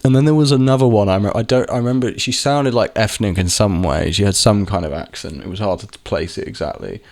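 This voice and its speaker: A man's voice: on the low side, quick pace, darkish tone, dry recording. A young man talking casually to camera, rambling with lots of restarts and the odd swear word. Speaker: vlogger. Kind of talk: casual monologue.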